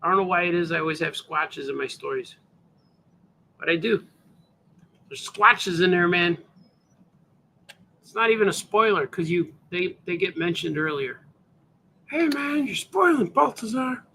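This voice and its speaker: A man's voice: high voice, normal speed, creaky, long pauses, pushed and bright, slight background noise. A man, a cartoonist, chatting casually and rambling on a livestream while showing his comic pages, often saying "hey, man.". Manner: laid-back, rambling, says "hey, man" a lot.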